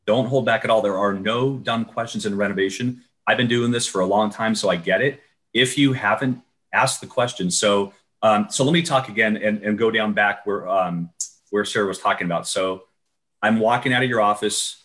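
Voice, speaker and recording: Low-voiced man coaching on a video call. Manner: energetic, coaching, acts out client dialogue. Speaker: renovation loan trainer. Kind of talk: webinar presentation.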